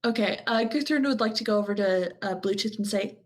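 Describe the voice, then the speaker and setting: A woman's voice: medium pitch, a little fast. A woman playing a tabletop game, talking hesitantly with many fillers.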